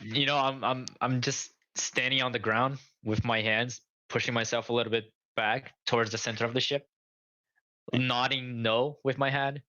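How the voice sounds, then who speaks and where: A male player in a tabletop game talks hesitantly and stammers while he plans his character's moves. His voice is bright and edgy. It comes through a dull, lo-fi mic. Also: mid-range voice, fairly even intonation, moderate pace.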